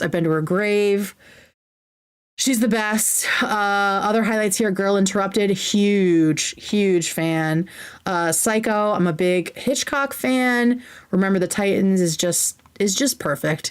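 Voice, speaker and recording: A woman hosts a relaxed livestream Q&A from her computer, reading viewer questions aloud and answering each one. Her voice sits at an ordinary middle pitch. She talks in a chatty, enthusiastic way and happily wanders off on tangents. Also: clear, resonant tone. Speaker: livestream host.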